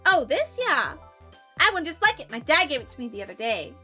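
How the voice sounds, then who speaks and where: A woman reads a cheerful young woman detective in a video game, eager and earnest. The voice is high and lively with a bright tone. Faint music plays behind. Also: a little fast, heavily acted.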